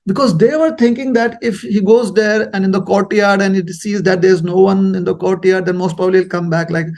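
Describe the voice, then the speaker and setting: A man giving a sermon, telling a story in a lively, animated way. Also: sits high, fairly quick, vocal fry. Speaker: speaker at a temple talk.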